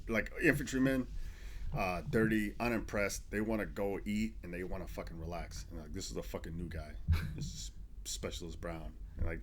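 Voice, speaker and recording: Brief: low-voiced man in his 40s, army veteran guest, swears freely while spinning casual podcast stories. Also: a little hiss or hum. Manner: loose, profane storytelling with restarts. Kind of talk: casual storytelling podcast chat.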